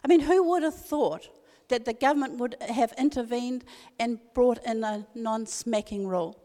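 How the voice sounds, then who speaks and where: Older New woman, slightly high voice, earnest emphatic church talk, long hall reverb. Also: normal speed, mellow. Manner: earnest, emphatic, repeats key phrases. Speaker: speaker at a women's church meeting. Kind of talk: devotional talk with personal story.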